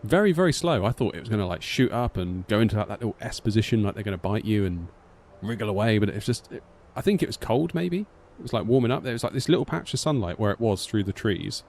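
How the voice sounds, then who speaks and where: This man's voice is fairly low and his pace quick, with slight background noise. He's a flight sim streamer in his thirties from the United Kingdom, British-accented, rambling through animated stories in a casual live-stream chat and acting out the voices.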